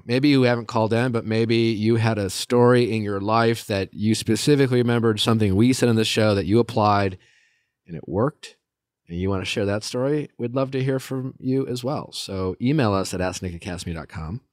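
A man's voice: fairly low pitch, no room sound, clean studio sound. A man hosting a relationship advice podcast, chatting casually and joking with his co-hosts before taking callers. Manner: laid-back, joking, asks callers questions. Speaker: podcast host.

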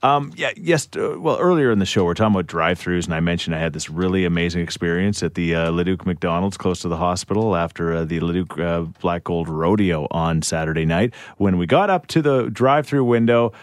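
A man's voice: sits low, no echo, clean studio sound. A man in his forties hosting a radio show, chatty and jokey. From Canada. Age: 40s. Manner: jokey, chatty, quick to laugh. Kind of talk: casual morning-show banter.

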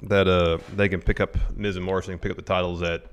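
A man's voice: sits low, flat delivery, fast talker, smooth. A man co-hosting a podcast, casually recapping events play by play with frequent uhs. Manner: rambling play-by-play with many uhs. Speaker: podcast co-host.

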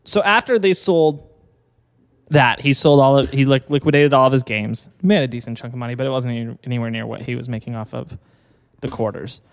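A man's voice: mid-range voice, fairly quick, vocal fry, clean tone, long reverb tail. A man co-hosting a podcast, telling a business story in a loose, rambling way with fillers. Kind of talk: casual chat.

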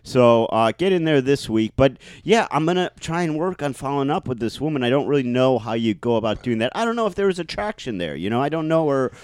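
Smooth-voiced man chatting on a podcast. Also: medium pitch, animated, quick pace, few pauses, a little mellow, no room sound. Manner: rambling, hesitant, many fillers. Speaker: podcast co-host. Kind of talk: casual podcast chat.

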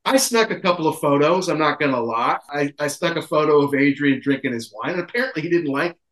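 A man telling a story in casual podcast chat, excited and rambling with many restarts. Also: a little high, fast talker, reverberant. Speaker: podcast co-host.

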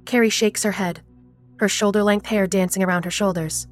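A woman narrating a horror story in a measured, even storytelling manner. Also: medium pitch, soft background music.

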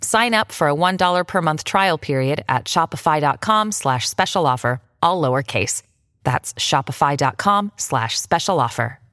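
A woman reading a scripted advertisement in a bright, lively manner. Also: sits low, moderate pace, no room sound, studio quality. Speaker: ad announcer. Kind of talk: scripted ad read.

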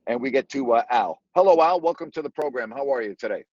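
A man's voice: mid-range voice, animated, fast, a little mellow, no echo. A male sports radio host talks to callers and hammers home his points with emphatic repetition. His voice comes through a dry studio sound. The sound is dull and lo-fi. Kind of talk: sports call-in talk.

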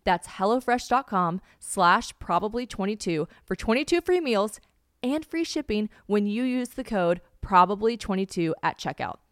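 A woman's voice: mid-range voice, animated, normal speed, no echo. Chatty woman, dry close sound. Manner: chatty, addresses listeners as y'all. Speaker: podcast host. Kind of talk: casual chat and read ad.

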